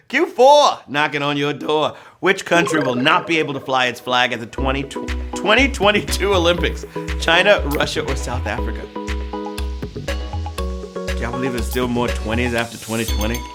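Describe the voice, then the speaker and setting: A man's voice: mid-range voice, sharp tone. A man hosting a live trivia show, reading questions with playful rhyming quips and jokes. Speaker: trivia game show host.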